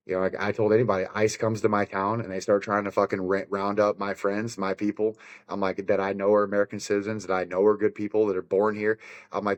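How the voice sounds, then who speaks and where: A fired-up man on a podcast, rambling and cursing his way through his points. His voice sits on the low side. He talks in an easy, conversational way. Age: adult with children. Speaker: podcast guest, bare-knuckle fighter.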